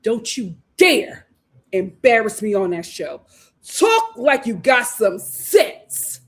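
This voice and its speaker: A woman voicing a stern mother who scolds her grown son over the phone in slow, firm commands. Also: fairly high pitch, sing-song, exaggerated voice.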